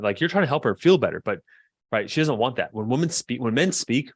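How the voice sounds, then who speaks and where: A man working as a marriage therapist, giving a lively coaching lesson in a chatty way and acting out quoted voices. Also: mid-range voice, fast talker, husky, dry recording. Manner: lively, acts out quoted voices, chuckles often; conversational, frequent fillers like "like" and "right".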